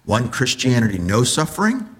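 A man preaching a sermon, asking the congregation rhetorical questions and swinging between loud enthusiasm and low, earnest tones. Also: wildly swooping pitch, normal speed.

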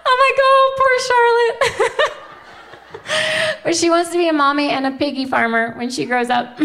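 A woman in her thirties giving a heartfelt faith testimony to a live audience, earnest and chatty with laughing asides to the crowd. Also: sits high. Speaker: Christian speaker.

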